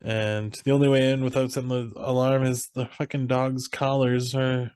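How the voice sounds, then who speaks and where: A man's voice: medium pitch, flat delivery, normal speed, a little mellow, clean tone, no room sound. A man co-hosting a podcast, casually recapping a movie, swearing freely and filling his talk with "like.". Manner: swears casually, retells scenes with lots of "like". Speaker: podcast co-host.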